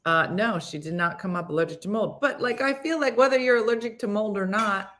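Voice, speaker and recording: A woman in her fifties hosting a casual morning show, telling a story with animated delivery and acting out her friends' voices. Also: mid-range voice, a little fast. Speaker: host.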